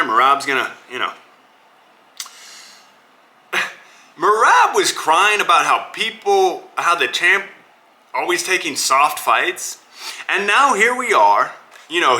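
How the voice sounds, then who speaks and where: A man with a rather high, sharp voice speaks over poor audio. Hosting his own podcast, he gives casual solo commentary on fights, blunt and opinionated, calling his listeners "brother."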